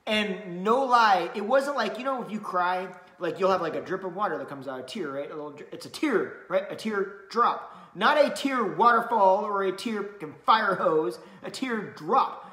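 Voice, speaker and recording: A man telling a story in casual chat, animated, laughing often and swearing. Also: sits high, moderate pace, hardly any pauses. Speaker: co-host. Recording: roomy echo.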